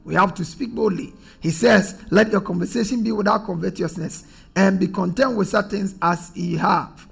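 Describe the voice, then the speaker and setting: Male pastor, high gravelly voice, emphatic repetitive preaching style. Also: moderate pace. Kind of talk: sermon.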